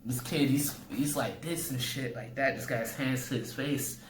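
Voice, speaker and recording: Animated young man telling a comic story. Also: normal speed. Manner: animated, jumps pitch to act out people in his story. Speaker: comedian. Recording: echoey room with faint ambient noise.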